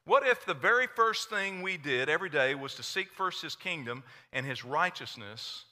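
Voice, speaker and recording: A man with an Oklahoma accent preaching a sermon to a church congregation, energetic and playful, quizzing the crowd. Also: a little high, normal speed. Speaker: pastor. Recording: long hall reverb.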